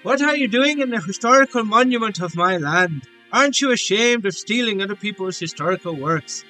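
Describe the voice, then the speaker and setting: A man's voice: sits high, animated, a little fast, bright, forceful tone, faint music behind, voice pushed up. A man voicing a defiant Irish rebel in a put-on Irish accent, stern and accusing as he questions a captive.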